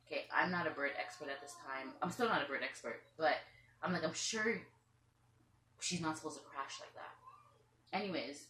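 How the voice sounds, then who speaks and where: A woman with a low voice and a bright, forceful edge tells her story in a loose, rambling way. She drops into other people's lines as she goes. Her room sounds roomy, with a faint hum of noise behind her. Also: moderate pace. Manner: chatty, rambling, acts out what others said. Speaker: parrot owner and vlogger. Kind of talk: casual storytelling to camera. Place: room at home with pet birds.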